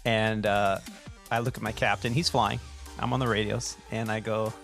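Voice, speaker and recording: A man in his forties hosting a podcast and telling lively, laugh-filled stories, then reading a scripted show intro. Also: fairly low pitch, normal speed, faint music behind. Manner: animated storyteller who laughs often. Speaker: podcast host and airline pilot. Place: home studio.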